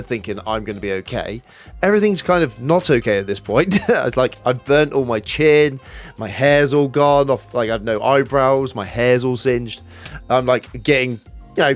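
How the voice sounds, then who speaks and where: A man telling a self-mocking storytime tale in a casual vlog, animated and joking at his own expense. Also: mid-range voice. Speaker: gaming YouTuber.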